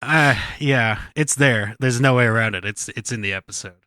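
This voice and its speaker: A man's voice: mid-range voice, normal speed, bright, forceful tone, no echo. A man co-hosting a podcast, chatting casually with wry, joking asides. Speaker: podcast co-host. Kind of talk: casual chat.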